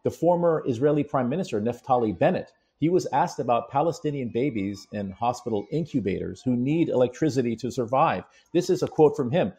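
A man talks through the background in an easy conversational way, pausing to read quotations with weight. His voice is dark and mellow, with a husky edge. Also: mid-range voice. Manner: explanatory, reads quotes aloud with emphasis. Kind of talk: conversational commentary.

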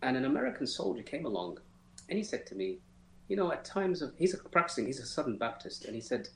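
A man's voice: mid-range voice, sing-song, quick pace, fairly bright tone, slight background noise. A man answering interview questions in an earnest, emphatic way, often restarting sentences and adding devout phrases. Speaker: interview guest, former detainee. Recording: roomy echo.

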